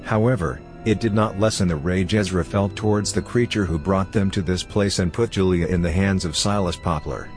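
A man reading a story aloud as narrator in a steady, even manner. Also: low voice, moderate pace, few pauses, soft background music. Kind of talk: fan fiction audiobook reading.

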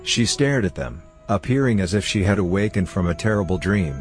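A man reads a story aloud in a steady, even way. His voice is very low and deep. Faint music plays quietly behind him. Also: a little fast. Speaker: narrator. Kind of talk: fan fiction audiobook reading.

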